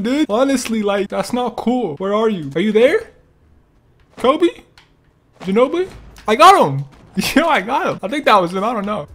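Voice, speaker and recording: Lively high-voiced young man gaming. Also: normal speed, slight background noise. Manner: animated, jokey and trash-talking, swings between loud boasts and mumbled gripes. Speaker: gaming YouTuber. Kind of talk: excited gameplay commentary.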